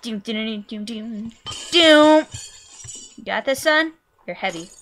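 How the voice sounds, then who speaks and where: A young woman commentating her own gameplay, goofy and excitable, yelping and squealing at what happens on screen. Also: a little high, slow pace, soft background music. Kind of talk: let's play commentary.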